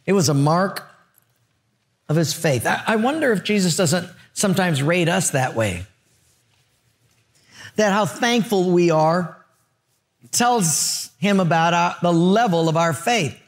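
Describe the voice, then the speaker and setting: An older male pastor preaching a sermon, telling stories with lively character voices. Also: sits high, a little slow, long pauses. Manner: storytelling with animated character voices.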